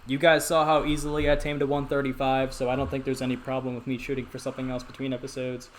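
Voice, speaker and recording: Talking quickly in a monotone, medium-pitched voice, a young man hosts a gaming channel and gives rambling casual commentary to viewers as he plays, with frequent restarts. There's slight background noise.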